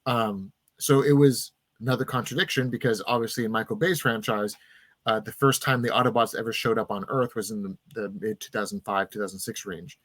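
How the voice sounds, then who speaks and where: A podcast host with a fairly low, fairly even voice enthusiastically retells a movie's story on his casual show, recorded dry. Now and then he jumps into characters' lines with quick voices.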